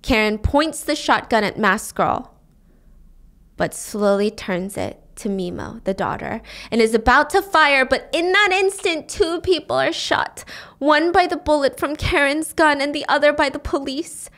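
With a voice that sits high and a normal pace, this podcast host retells a thriller's plot in a relaxed, animated recap. She gives the quoted lines their own voices.

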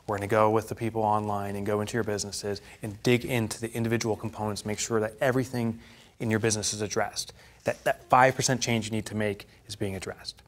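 A man's voice: lowish voice, fairly bright tone. A man presenting a business workshop live before a studio audience. He tells stories animatedly, laughs at his own anecdotes, and slips into the voices of the people he describes.

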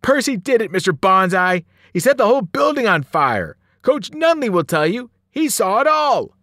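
Man doing a shrill panicked teenage bully. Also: very animated, normal speed, pushed and bright, dry recording, clean studio sound, exaggerated voice.

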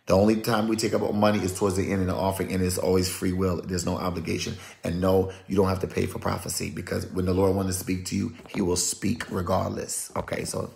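A man talks casually on a live stream as a prophetic minister. His voice sits a little low and has a gravelly edge. He keeps it chatty and lively, greeting viewers one after another. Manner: chatty and lively, calling out names and places.

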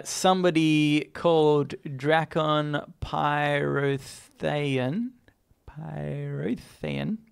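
A man co-hosting a podcast in casual comedic chat, playful and quick to laugh, reading out posts. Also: fairly high pitch, gravelly, smooth. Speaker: podcast co-host.

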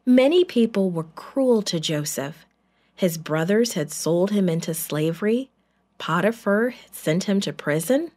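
A woman telling a Bible story to children in church, slow and expressive. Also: mid-range voice.

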